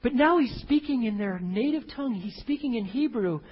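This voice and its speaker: Husky high-voiced preacher in a reverberant hall. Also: male voice, animated, brisk. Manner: emphatic, swinging from hushed to loud. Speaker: pastor. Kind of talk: expository sermon. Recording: reverberant hall, dull lo-fi sound.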